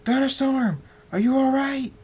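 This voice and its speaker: A man voicing Draconic, a male pony warrior who screams his lines high and strained. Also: a little slow, a little mellow, husky, heavily acted. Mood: frantic shouting.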